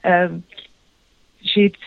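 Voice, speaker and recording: Creaky woman on a tinny line. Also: lowish voice, little pitch movement, extremely slow, dry recording. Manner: rambling, self-deprecating, many fillers and restarts. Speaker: podcast co-host. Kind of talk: casual chat recounting a convention.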